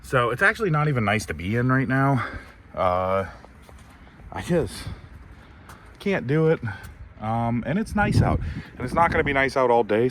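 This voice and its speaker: A man's voice: mid-range voice, a little hiss or hum. A man from Ohio hosting a car vlog, chatting casually and joking, laughing often and swearing freely. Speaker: channel host, car builder. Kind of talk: casual chat to camera. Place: outdoor car lot.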